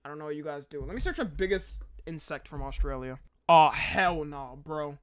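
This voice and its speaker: High-voiced man joking through a reaction. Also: fast, clean tone. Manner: loose, joking, swears, talks back to the video. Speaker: reaction video host. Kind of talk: casual reaction commentary.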